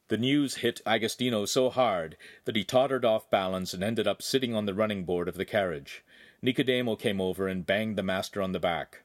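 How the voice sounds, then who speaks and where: A man reading a novel aloud in a measured, even storytelling manner. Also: lowish voice, no room sound, studio quality. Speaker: audiobook narrator. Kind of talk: scripted novel narration.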